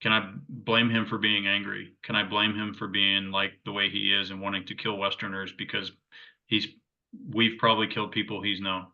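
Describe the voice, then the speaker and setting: A man's voice: fairly low pitch, flat delivery, normal speed. A man in his thirties, a podcast co-host, telling a story in a rambling, reflective way with lots of fillers and restarts. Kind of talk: casual storytelling chat. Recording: dull lo-fi audio.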